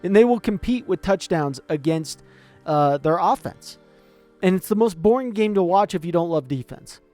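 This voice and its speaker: Male sports commentator, animated and rambling, slightly high voice, light music bed. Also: moderate pace. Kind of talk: casual opinionated chat.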